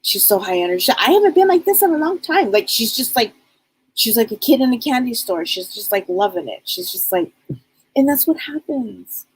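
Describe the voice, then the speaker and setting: A woman's voice: a little high, big pitch swings, normal speed, slightly rough, poor audio. A woman psychic medium giving a live reading, chatty and rambling as she passes on what spirits tell her.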